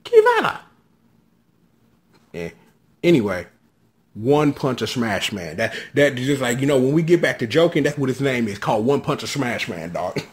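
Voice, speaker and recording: A man giving a casual, hyped-up episode review, joking and slangy, often leaping into high shouts. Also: lively intonation, normal speed. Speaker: show recap vlogger.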